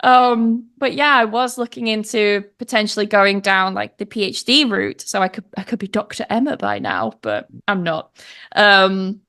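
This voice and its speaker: A British woman in her thirties, a pronunciation teacher, is a guest in a casual conversation, telling animated stories, laughing often and acting out what people said. Her voice is mid-range and her speed normal.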